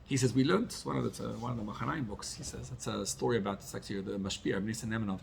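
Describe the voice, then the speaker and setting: A man's voice: lowish voice, racing, creaky, a little hiss or hum. A man, a rabbi, teaching a class in a conversational way, telling personal stories and dropping Yiddish and Hebrew terms.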